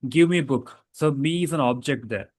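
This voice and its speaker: A man's voice: fairly high pitch, moderate pace, darkish tone, dry recording. A man teaching a casual grammar lesson, explaining rules with fillers and self-corrections.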